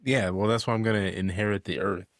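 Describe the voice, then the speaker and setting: A young man co-hosting a podcast in casual comedic chat, making dry, deadpan quips. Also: fairly low pitch, fast talker, no room sound. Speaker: podcast co-host.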